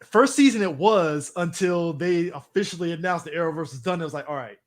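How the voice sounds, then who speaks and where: A man's voice: on the high side, a little fast. A man co-hosting a casual comic-book podcast, rambling through stories and acting out what people said. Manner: rambling storytelling, acting out quoted voices. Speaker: podcast co-host. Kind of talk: casual chat.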